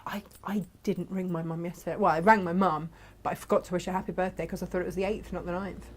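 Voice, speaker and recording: A chatty woman in her forties hosts a live crafting show. She talks in a loose, rambling way with quick asides, often laughing between thoughts. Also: on the low side, steady tone, slight background noise. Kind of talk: casual live chat selling fabrics.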